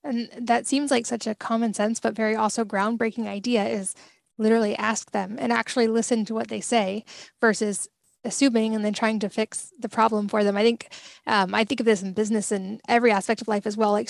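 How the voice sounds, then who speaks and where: A woman hosts a podcast, framing long, thoughtful questions with her own reflections. Her voice has plenty of gravelly fry. The sound is dry and close. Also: on the high side, fairly even intonation, brisk, dry recording. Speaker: podcast host. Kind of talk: podcast interview.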